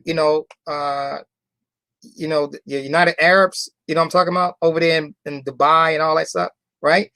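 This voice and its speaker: A man speaks slowly and deliberately, stretching out key words and repeating lines for effect as he tells a motivational story. His voice is dry and close, with no room echo. He keeps turning to the audience with rhetorical questions. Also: on the high side, fairly bright tone. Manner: repeats phrases for emphasis, drawn-out key words. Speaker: company founder addressing members.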